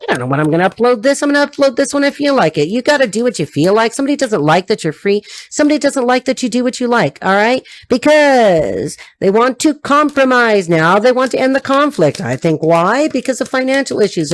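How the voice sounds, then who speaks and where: A woman's voice: fairly high pitch, lively intonation, quick pace, hardly any pauses. A woman giving an intuitive tarot reading to her audience, free-associating and repeating herself in a blunt, emphatic way. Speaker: tarot reader.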